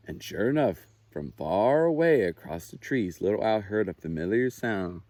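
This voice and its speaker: A man, a naturalist, reading a children's picture book aloud with expressive, unhurried storytelling. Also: on the low side, no room sound.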